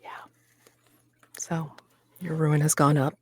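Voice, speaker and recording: A game master running a tabletop horror game, halting with many restarts and sudden bursts of excited laughter. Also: medium pitch.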